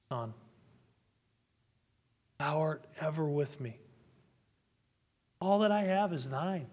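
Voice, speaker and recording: In a church sanctuary, a middle-aged male pastor preaches a sermon, reading scripture aloud and building to emphatic peaks. His voice is on the high side, with a long reverb tail.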